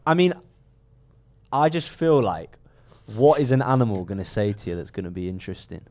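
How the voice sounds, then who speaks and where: A man co-hosting a football podcast, giving blunt, dry takes and acting out flat mock dialogue. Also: lowish voice, fairly quick. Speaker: podcast co-host. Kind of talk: casual chat.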